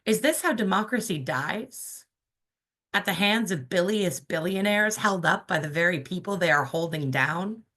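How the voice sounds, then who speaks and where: Casting: Canadian woman poet, slightly low voice, measured spoken word delivery, chatty between poems. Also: expressive, pushed and bright. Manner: slow, measured poetic delivery with casual asides. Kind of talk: spoken word poetry reading.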